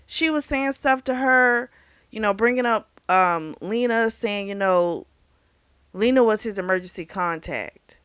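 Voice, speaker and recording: A woman reviewing a book in casual chat, retelling the plot in a chatty, animated way. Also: mid-range voice, unhurried, clear, resonant tone, no room sound. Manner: chatty, animated retelling with acted quotes and laughs.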